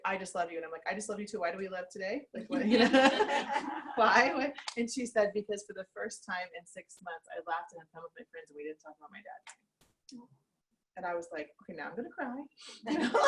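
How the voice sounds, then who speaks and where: A woman's voice: lowish voice, a little hiss or hum, poor audio. A woman leading a sales team meeting, chatty, laughing often and acting out little quotes. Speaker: team leader. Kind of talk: team meeting pep talk.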